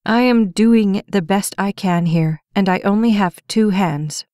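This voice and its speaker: A woman's voice: mid-range voice, a little slow, dark tone, clear, resonant tone, no room sound, clean studio sound. A woman narrating a romance novel audiobook, reading all the characters' dialogue in her own voice. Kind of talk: scripted narration.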